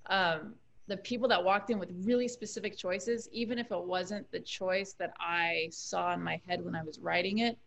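A woman's voice: on the low side, steady tone, normal speed, creaky, hardly any pauses. A woman co-hosting a casual talk show, reflecting thoughtfully as she speaks. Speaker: co-host.

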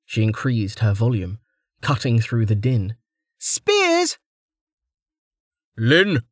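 A man's voice: on the low side, steady tone, unhurried, mellow, slightly rough, dry recording. A man narrating a fantasy audiobook with dramatic storytelling, close to the mic. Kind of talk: scripted narration.

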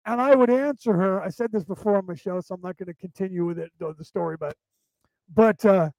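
High-voiced man telling rambling stories. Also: a little fast, darkish tone, no echo, rough recording. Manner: chatty, anecdotal, often restarts sentences. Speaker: show host. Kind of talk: casual rambling storytelling.

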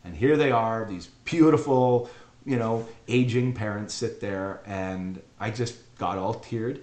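A man's voice: lowish voice, darkish tone. Earnest middle-aged man in a roomy echo. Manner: earnest, emotional, halting with repeats. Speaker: podcast co-host telling his story. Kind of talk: heartfelt personal storytelling.

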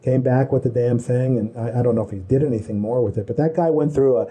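A man's voice: mid-range voice, steady tone, fast, warm tone, slightly rough. A man telling long casual anecdotes in a rambling way, with many restarts. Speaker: storyteller. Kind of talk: casual chat.

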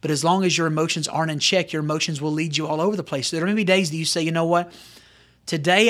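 Middle-aged pastor guy, kinda high voice, chatty sermon that keeps jumping up loud and emphatic. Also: fairly even intonation, very fast. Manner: earnest, conversational preaching with sudden emphatic rises.

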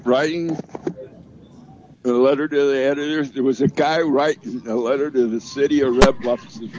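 A man explaining things in a halting, plainspoken way, often restarting his sentences. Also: medium pitch, fairly even intonation, lo-fi sound, noisy background. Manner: halting, repeats himself, plainspoken.

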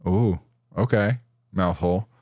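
A man from Brazil, co-hosting a podcast, drops low-pitched crude jokes and swears constantly. The recording is dry and close, with no room sound. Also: a little slow, a little mellow, no room sound. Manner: crude, teasing, heavy swearing. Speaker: podcast co-host. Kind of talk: casual chat.

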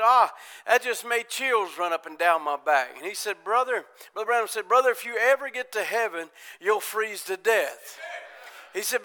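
A man preaching in church, his voice high and clear. He tells stories full of quoted voices and lifts from easy talk into ringing, fervent preaching. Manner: builds from quiet talk to loud, high-pitched preaching. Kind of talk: Pentecostal-style sermon.

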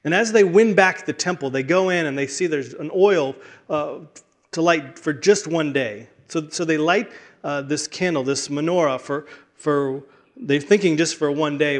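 A man's voice: a little high, moderate pace. A man preaching a sermon in a conversational way, with frequent fillers and restarts.

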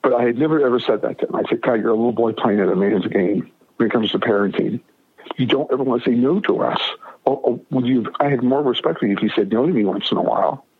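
A husky man telling a story on the radio. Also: mid-range voice, fast. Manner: emphatic, repeats and restarts phrases. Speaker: interview guest. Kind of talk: personal storytelling in a radio interview. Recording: narrow phone-like radio audio.

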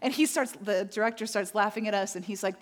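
A woman preaching a sermon, telling stories vividly and slowing down to stress key points. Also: mid-range voice. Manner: animated storytelling, acting out moments; slow emphatic phrasing on key points. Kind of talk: sermon with personal storytelling.

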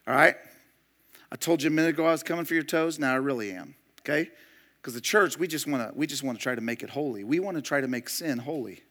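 Bright-voiced man preaching with emphasis. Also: fairly high pitch, fast. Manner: emphatic preaching, swings from loud to hushed storytelling. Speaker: pastor. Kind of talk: sermon.

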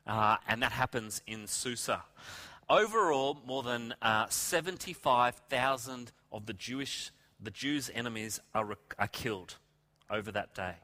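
A middle-aged man preaching, retelling a Bible story in a lively way and acting out the characters' lines. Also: medium pitch, unhurried. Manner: animated, acts out characters' lines. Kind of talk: animated Bible storytelling sermon.

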